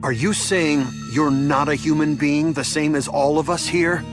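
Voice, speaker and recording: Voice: mid-range voice, fairly even intonation, unhurried, music in the background, close to an everyday voice. A voice actor playing a guarded, suspicious village elder who speaks formally. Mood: wary. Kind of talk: anime dub acting.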